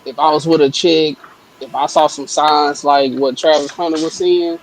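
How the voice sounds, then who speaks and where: A man co-hosting a casual talk show, telling a personal story in a relaxed way. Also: on the high side, normal speed, a little hiss or hum, poor audio. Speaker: podcast co-host. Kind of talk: casual chat.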